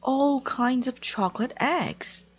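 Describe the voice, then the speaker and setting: A woman voicing an excitable, eager father bear in a read-aloud storybook. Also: high-pitched, slow pace, slightly rough, lo-fi sound, voice pushed up, full character voice. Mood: excited. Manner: eager, enthusiastic.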